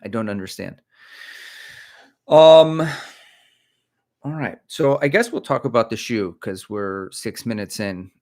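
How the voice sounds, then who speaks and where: Rambling middle-aged man, lowish voice. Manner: rambling, self-mocking, animated. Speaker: running channel host. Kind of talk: casual livestream chat. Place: indoors, creaky chair.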